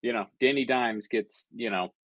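A man's voice: medium pitch, normal speed, fairly bright tone, dry recording. A man co-hosting a podcast, laid-back and joking, stammering over restarts. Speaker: podcast co-host. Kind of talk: casual podcast chat.

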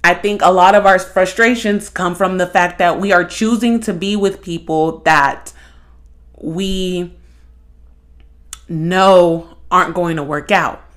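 Young woman podcast host, cussing a lot, blunt and animated, just talking her mind. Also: lowish voice, slow. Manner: blunt, profane, animated storytelling. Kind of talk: casual monologue.

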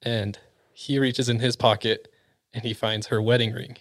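Man hushing his voice for a spooky tale. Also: mid-range voice, little pitch movement, moderate pace. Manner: acts out quoted voices, often dropping to a hushed near-whisper. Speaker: storyteller. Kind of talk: casual spooky storytelling.

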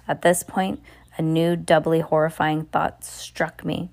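A woman with a low voice reads a novel aloud at home-reader level, not as a polished narrator. She trips over words and starts phrases again as she goes. Now and then she breaks off to speak to someone beside her. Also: level tone, measured pace, gravelly, a little mellow. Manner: casual amateur reading with stumbles and restarts; asides to a listener beside her.

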